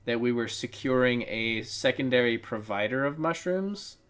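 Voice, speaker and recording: A man playing a tabletop game, talking in a wry, deadpan way. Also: medium pitch, normal speed, smooth. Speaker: player. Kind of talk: casual chat during a tabletop game.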